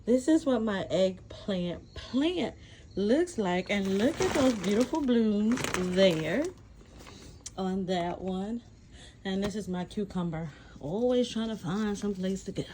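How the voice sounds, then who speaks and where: A woman from New Jersey giving a chatty, excitable tour of her garden on a phone camera. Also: mid-range voice, slow, a little hiss or hum, rough recording. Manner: chatty, excitable, says y'all often. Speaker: vlogger. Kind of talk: casual garden tour vlog. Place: outdoor garden.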